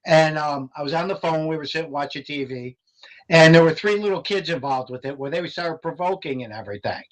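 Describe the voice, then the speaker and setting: Older man, lively storyteller, somewhat high. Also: rough recording. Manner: animated, laughs often, acts out quotes. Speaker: paranormal investigator guest. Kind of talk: casual storytelling.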